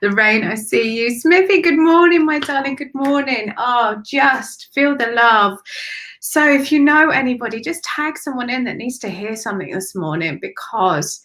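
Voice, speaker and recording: A woman doing live spiritual readings for viewers, speaking softly and affectionately, with sighs and drifts into whispers. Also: on the high side, low-quality recording. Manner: emotional, breathy sighs and gushing warmth. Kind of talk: live-streamed channelled readings.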